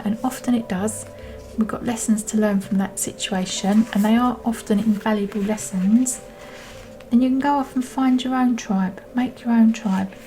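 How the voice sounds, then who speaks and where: A woman giving a gentle tarot reading, soothing and often half-whispered as she reads card meanings aloud. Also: fairly high pitch. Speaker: tarot reader.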